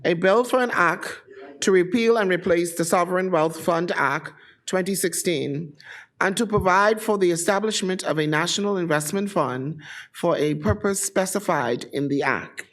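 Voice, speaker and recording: A woman's voice: fairly low pitch, moderate pace. A woman as speaker of the house, chairing the proceedings in a formal, procedural way.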